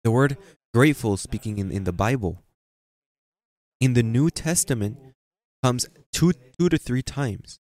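A man preaching a sermon, repeating phrases for emphasis and reading scripture slowly. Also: medium pitch, lively intonation, a little mellow. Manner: reads scripture slowly and deliberately. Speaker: pastor.

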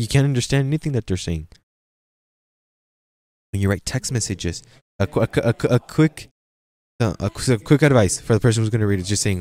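In a church sanctuary, a male pastor preaches a sermon with energy, frequently dropping in amens and repeating phrases. His voice is mid-range and a little mellow.

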